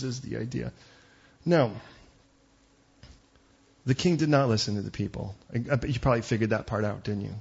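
Husky pastor man, joking sermon asides. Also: medium pitch, lively intonation, a little mellow, lo-fi sound. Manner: conversational, joking asides, quick digressions.

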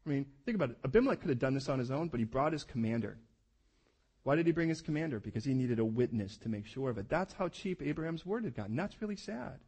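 A man's voice: medium pitch, big pitch swings, quick pace, darkish tone. A man preaching a sermon in a conversational, explaining way, acting out the scripture stories as he goes. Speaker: pastor.

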